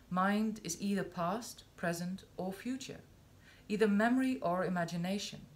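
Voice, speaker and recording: A woman reading a spiritual discourse aloud, slow and measured, with long pauses between phrases. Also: medium pitch, slight background noise. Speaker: reader of spiritual texts.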